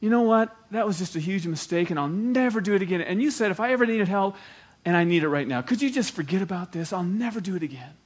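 A preacher acting out a pleading defendant. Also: male voice, sits high, lively intonation, fast. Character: desperate defendant pleading with a judge. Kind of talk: storytelling in a sermon.

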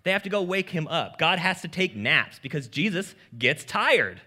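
Animated, bright-voiced joking preacher man. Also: sits high, normal speed. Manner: lively, joking, casual preaching. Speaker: pastor. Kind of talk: sermon.

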